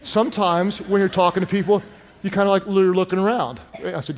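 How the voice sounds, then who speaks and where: A man preaching a sermon as pastor, telling stories with lively delivery that builds to shouted emphasis. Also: high-pitched, brisk. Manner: animated storytelling, rising to shouts. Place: large church hall. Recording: long hall reverb.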